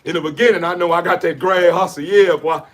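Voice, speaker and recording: High-voiced man, rambling pep talk. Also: steady tone, fast. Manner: rambling, repetitive, street slang, preachy. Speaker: dog breeder talking to camera. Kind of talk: motivational monologue.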